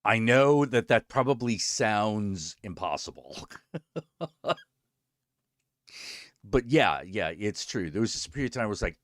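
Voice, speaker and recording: A streamer hosting his own stream chats casually and tells a story, swearing a lot and animatedly acting out both sides of conversations. His voice is fairly low, his pace a little slow with long pauses, and the sound is studio quality with no echo.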